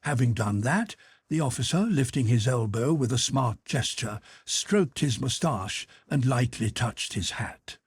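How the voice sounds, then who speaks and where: A man reading a classic novel aloud as an audiobook narrator, expressive and dramatic. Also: mid-range voice, unhurried, breathy edge, no echo, clean studio sound. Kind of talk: scripted narration.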